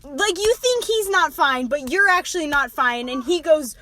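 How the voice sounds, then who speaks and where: A young woman chatting on a podcast with a high, bright, lively voice. She gets giggly and gasps as she acts out made-up romantic scenes with her friends. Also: moderate pace. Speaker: podcast host. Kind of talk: casual chat.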